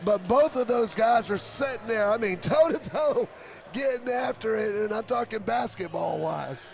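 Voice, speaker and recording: A man giving live basketball color commentary in a community center gym, loud and emphatic, often saying "I mean.". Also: high voice, lively intonation, normal speed, gravelly.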